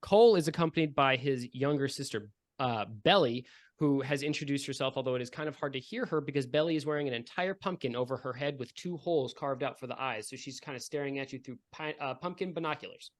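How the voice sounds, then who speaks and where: A man's voice: mid-range voice, quick pace, hardly any pauses. A man narrating a comedic tabletop game as game master, casual with many fillers.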